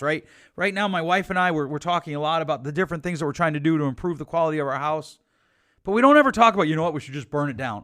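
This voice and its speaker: A man's voice: high voice, a bit bright, no room sound, clean studio sound. A middle-aged man hosting a solo relationship advice podcast, blunt and emphatic as he urges listeners to change. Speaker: podcast host.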